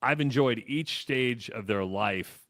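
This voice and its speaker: A man's voice: medium pitch, takes it slowly, fairly bright tone, dry recording, clean studio sound. A man in his fifties co-hosting a sports radio show, chatting in a reflective, fatherly way. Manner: reflective, fatherly, rambling with restarts. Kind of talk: casual sports radio chat.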